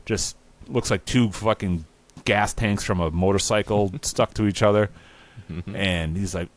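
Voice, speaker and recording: A man spins an improvised comic story for a podcast, rambling and swearing freely as he goes. His voice sits on the lower side, and he often cracks himself up mid-sentence. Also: measured pace, no room sound. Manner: rambling, profane, laughing at his own jokes. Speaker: podcast host. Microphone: remote recording.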